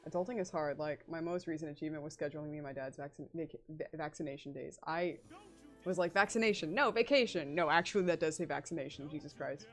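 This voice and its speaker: A woman's voice: low voice, steady tone, quick pace, faint music behind. A young adult woman chatting casually on a livestream while drawing, swearing freely and laughing often. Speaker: streamer drawing a webcomic.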